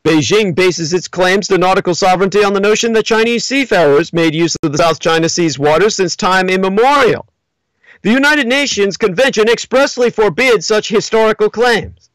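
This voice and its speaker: A man hosting a livestream, lecturing in a monologue with emphatic, theatrical swings in pitch, spelling out names as he goes. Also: moderate pace, a bit bright, no echo, poor audio. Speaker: livestream host.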